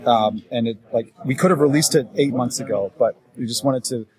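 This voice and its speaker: A man being interviewed as a game designer, talking in a relaxed, self-deprecating way with many restarts. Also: medium pitch, fairly quick, poor audio. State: jet-lagged. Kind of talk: casual interview chat.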